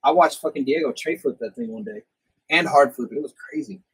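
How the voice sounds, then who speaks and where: A young man, hosting a podcast and telling stories from his youth in a casual, animated way. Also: a little high, fairly quick, vocal fry, slightly rough, poor audio. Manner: animated storyteller, acts out quoted lines loudly. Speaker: podcast host. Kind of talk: casual storytelling chat.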